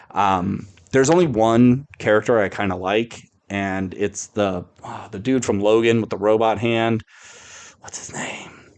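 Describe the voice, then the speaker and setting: A man hosting a podcast, chatting casually and bluntly about movies, rambling with frequent restarts. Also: lowish voice. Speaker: podcast host. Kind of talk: casual movie review chat.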